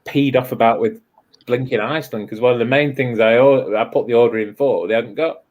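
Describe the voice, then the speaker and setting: A woman's voice: extremely low pitch, brisk, darkish tone. A woman hosting a casual live stream chat, telling rambling stories full of restarts and dry jokes.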